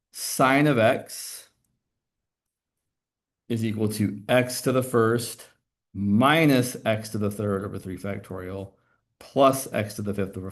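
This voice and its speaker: A male math teacher lecturing a class in a relaxed, conversational way, explaining step by step as he writes on the board. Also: fairly low pitch.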